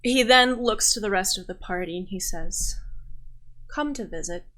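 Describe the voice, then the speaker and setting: A woman narrating a tabletop game as game master, in an unhurried, hesitant way with many fillers. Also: medium pitch, bright, forceful tone, low-quality recording.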